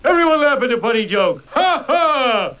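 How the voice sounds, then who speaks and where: A man's voice: very high voice, sing-song, normal speed, smooth. A man voicing a sarcastic soundboard announcer with a mocking, sing-song delivery. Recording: dull lo-fi clip.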